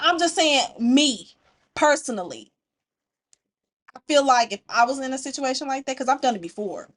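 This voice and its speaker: Animated high-voiced woman vlogger. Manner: animated, talks straight to the audience. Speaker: story-time reaction vlogger. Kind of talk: casual chat to viewers.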